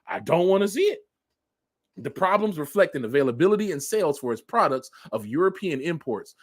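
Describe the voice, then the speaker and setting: Sarcastic man laughing through the news. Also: fairly high pitch. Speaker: commentary vlogger. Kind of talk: reading news headlines with commentary.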